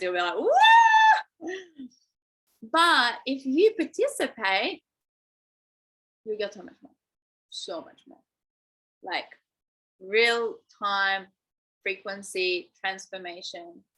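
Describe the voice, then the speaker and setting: A woman's voice: mid-range voice, sharp tone, low-quality recording. A young adult woman coaching a live online masterclass, enthusiastic and encouraging, using spiritual wording. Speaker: manifestation coach.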